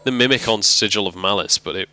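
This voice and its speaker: Bright-voiced esports caster. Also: male voice, fairly low pitch, quick pace. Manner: rising to excited shouting in fights. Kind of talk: live esports play-by-play commentary.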